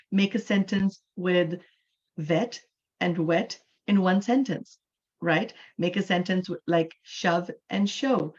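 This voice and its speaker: A woman's voice: on the low side, highs cut off. A woman from Canada, a native English speaker, teaching an online English class and explaining things patiently, often checking in with "right?".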